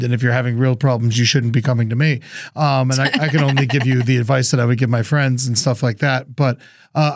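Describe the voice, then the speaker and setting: A man hosting a casual podcast, wandering through his stories in loose sentences full of fillers and restarts. His voice sits at a middle pitch, and the recording is dry and close. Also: no echo. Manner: rambling, many restarts and fillers. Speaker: podcast co-host. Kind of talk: casual chat.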